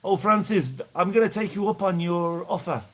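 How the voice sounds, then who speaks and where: A middle-aged man from England with a Birmingham accent chats casually on a live stream outdoors in hot weather, reading out viewer messages and thanking people by name. His voice sits high, animated, at a normal speed.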